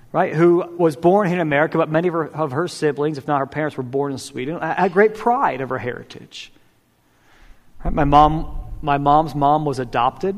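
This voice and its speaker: A man in his thirties preaching a sermon in a casual, conversational way, asking the congregation questions and repeating "right?". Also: fairly high pitch. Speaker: pastor. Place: church hall. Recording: long hall reverb.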